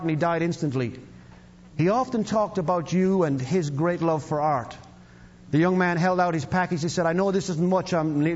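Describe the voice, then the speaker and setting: A man preaching a sermon, telling a story and leading a prayer, emphatic, with his voice lifting for emphasis and sinking low and slow as he prays. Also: darkish tone. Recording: dull sound with long hall reverb.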